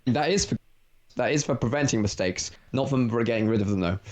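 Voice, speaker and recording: A man's voice: medium pitch, brisk, darkish tone. Laid-back English man chatting. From England. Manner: laid-back, laughs often, swears casually. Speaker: guest. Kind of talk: casual chat.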